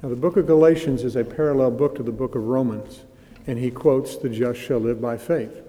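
A man delivers an expository sermon with a mellow, darker tone. He reads scripture with rising emphasis and slows right down on the phrases he wants to stress. His voice carries a long reverb, as if from a church hall. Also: medium pitch, fairly even intonation. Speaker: preacher. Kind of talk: expository Bible teaching.

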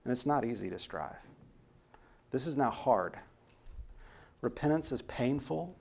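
A man's voice: medium pitch, lively intonation, a little slow, creaky, a little mellow, husky. A man preaching a sermon in an earnest, emphatic way, pressing hard on key words.

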